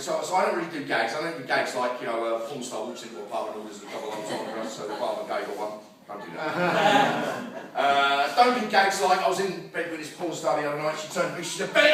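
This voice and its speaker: Crude older male stand-up comic. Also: fairly high pitch. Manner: crude, boisterous, self-mocking banter with the crowd. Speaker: stand-up comedian headliner. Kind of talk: stand-up comedy set. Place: comedy club stage. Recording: echoey club from far off with loud crowd. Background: audience laughing.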